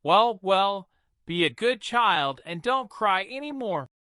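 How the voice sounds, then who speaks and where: A man voicing a brisk, kindly old fairy godmother woman in a storybook reading. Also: sits high, sing-song, pushed and bright, no room sound, studio quality, voice pushed up, heavily acted. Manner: brisk, commanding.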